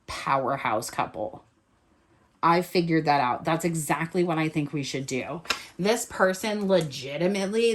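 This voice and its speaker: New england woman doing a tarot reading, kinda low voice, animated, swears a lot, does little voices for the quotes. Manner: animated, acts out quoted lines, swears casually. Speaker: tarot reader. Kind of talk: casual tarot reading to camera.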